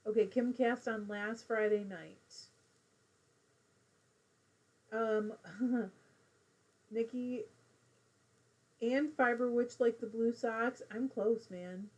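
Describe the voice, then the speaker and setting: A middle-aged woman chats easily to her viewers while she knits at home, reading out their comments as she goes. Her voice is slightly husky and sits a little high. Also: steady tone, very slow, long pauses. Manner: chatty, reads viewer comments aloud while knitting. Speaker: host of a live crafting stream. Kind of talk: casual live-stream chat.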